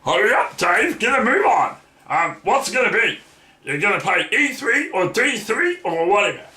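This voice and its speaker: A man's voice: sits high, sing-song, normal speed, pushed and bright, pitched above the performer's own voice, exaggerated voice. A man voicing a bossy kea parrot with a New Zealand accent, nagging impatiently. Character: high-voiced bossy kea parrot toy. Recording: echoey room.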